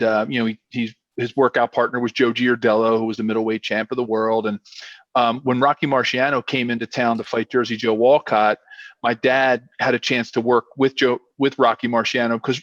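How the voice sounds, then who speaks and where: A man's voice: mid-range voice, fairly bright tone, no echo. A man spins a long story in casual talk, circling back and repeating words as he goes. His voice sits in an ordinary middle register. The sound is dull and muffled, very dry, with no room around it. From Philadelphia. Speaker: guest, former pro football player. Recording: dull, dry remote audio.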